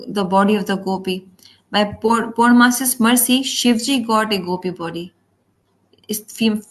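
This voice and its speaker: A woman giving a devotional class, telling stories and acting out quoted speech, often restarting words mid-way. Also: medium pitch. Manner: storytelling, acts out quoted speech; frequent restarts and self-corrections. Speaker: spiritual teacher.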